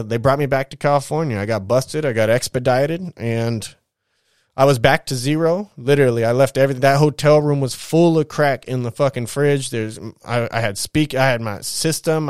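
A man's voice: medium pitch, clean tone, dry recording, studio quality. A young man bluntly telling his life story in casual, profane talk, full of restarts.

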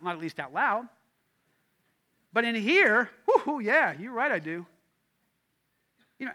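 A man, the lead pastor, preaching a lively sermon, acting out quoted voices and shouting in bursts. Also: very high voice.

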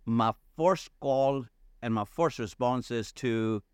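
A middle-aged man speaks slowly and deliberately as a podcast guest. He sounds earnest and often repeats a phrase to drive it home. The room sound is dry and close. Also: medium pitch, clean tone, no room sound. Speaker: church leadership consultant, guest. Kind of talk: podcast interview.

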